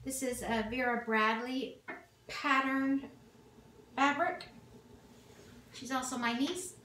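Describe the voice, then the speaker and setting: A woman's voice: high-pitched, steady tone, takes it slowly, sharp tone. A middle-aged woman chatting casually to camera in her home kitchen, rambling with asides and fillers as she talks through a cooking vlog. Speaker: cooking vlogger.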